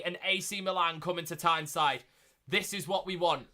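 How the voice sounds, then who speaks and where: A young man hosting a live watchalong stream, chatting casually and repeating himself, getting loud and excited at big moments. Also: on the high side, normal speed. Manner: excitable, repeats phrases, shouts when thrilled.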